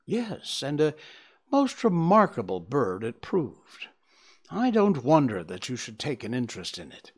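A man reading aloud and voicing a sharp, self-assured gentleman detective who talks in a brisk, commanding, lightly mocking way. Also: medium pitch, wildly swooping pitch, slightly rough, full character voice. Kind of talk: audiobook character reading.

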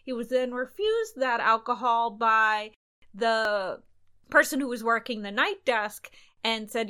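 A young adult woman co-hosting a travel podcast, telling stories in a lively way and acting out bits of dialogue. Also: fairly high pitch, normal speed, clean tone. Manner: animated, recounts events with quoted dialogue. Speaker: podcast co-host. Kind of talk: casual travel storytelling.

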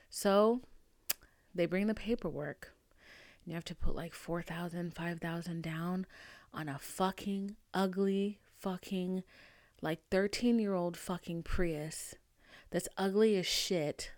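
A young adult woman hosting a podcast, telling a story in an animated, profane and emphatic way and often tossing in "okay?". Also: lowish voice, slow, pauses often, no echo. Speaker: podcast host. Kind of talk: casual storytelling monologue.

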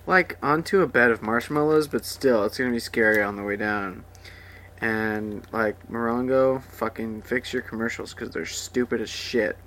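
A man's voice: mid-range voice, moderate pace, a bit bright, a little hiss or hum. A young man hosting a podcast, ranting crudely and sarcastically about things he hates, mocking the voices of ads. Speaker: podcast host. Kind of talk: profane rambling rant.

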